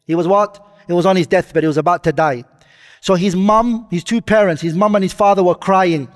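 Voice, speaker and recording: Male preacher, high register, delivers a sermon with Arabic quotes and questions to the crowd, reverberant hall. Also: fairly quick. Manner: quotes Arabic then explains in English, asks the audience questions. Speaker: Islamic preacher.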